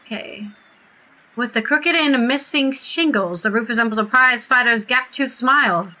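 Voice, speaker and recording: A woman chats her way through a role-playing game, reading quest text aloud and reacting to it. Her voice is bright and forward, and sits a bit high. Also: normal speed. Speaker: gaming streamer. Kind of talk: casual let's play commentary.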